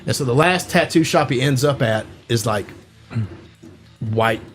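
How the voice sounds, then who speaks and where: A man's voice: mid-range voice, lively intonation, a little slow. Podcast co-host, a man, loose rambling recap of a film with faint music behind him. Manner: rambling, full of "like" and "you know". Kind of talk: casual chat retelling a movie plot.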